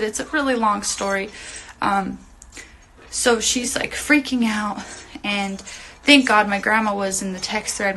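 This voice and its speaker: Gravelly young woman rambling on a livestream. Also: mid-range voice, pushed and bright, slight background noise, rough recording. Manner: rambling, filler-heavy, swears freely. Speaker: reality TV personality on a livestream. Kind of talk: casual livestream storytelling.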